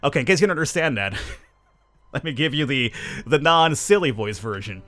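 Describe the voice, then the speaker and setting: A man's voice: medium pitch, animated, normal speed, fairly bright tone. A man giving rambling, self-amused commentary over his mobile survival gameplay. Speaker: gaming YouTuber.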